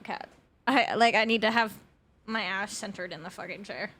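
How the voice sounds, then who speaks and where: A woman's voice: mid-range voice, normal speed, fairly bright tone. A young adult woman streaming a game, chatting casually with her viewers in a rambling way, swearing often and laughing a lot.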